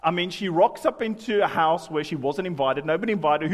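A pastor delivers his sermon in a conversational, humorous way. His voice sits high for a man. It rings out with the long echo of a church hall. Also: fairly quick, hardly any pauses. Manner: humorous, conversational preaching with many asides.

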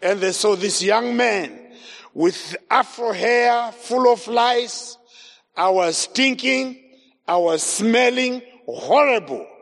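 A man's voice: very high-pitched, lively intonation, slow, vocal fry, fairly bright tone. A man preaching his testimony as an evangelist, telling his story dramatically and acting out the voices he quotes. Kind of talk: testimony sermon. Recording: long reverb of a large hall.

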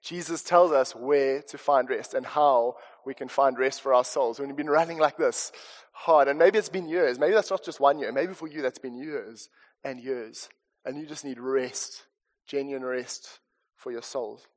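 A man's voice: medium pitch, normal speed. A man with a South African accent preaching a conversational, earnest sermon with chatty asides, in a church hall. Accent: South African English. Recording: long reverb of a church hall.

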